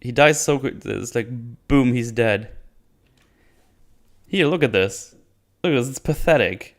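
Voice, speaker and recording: A man's voice: mid-range voice, expressive, a little slow. A man giving casual spoken commentary as a reviewer, sarcastic and rambling, often breaking into laughter. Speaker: video reviewer.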